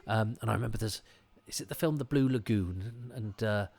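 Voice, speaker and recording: Rambling man, lowish voice. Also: normal speed, darkish tone. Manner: rambling and self-interrupting, frequent restarts. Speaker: commentator on a classic TV episode. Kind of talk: casual commentary chat.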